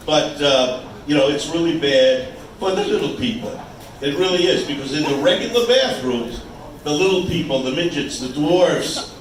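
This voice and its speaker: A man doing stand-up on a small club stage, ribbing the audience with quick jabs and stop-start asides. His voice sits a bit high, and it comes across distant and echoing, with a faint hum of the room underneath. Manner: wisecracking, teasing the crowd, halting restarts. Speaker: stand-up comedian. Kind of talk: stand-up comedy set. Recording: echoey room, mic heard from afar.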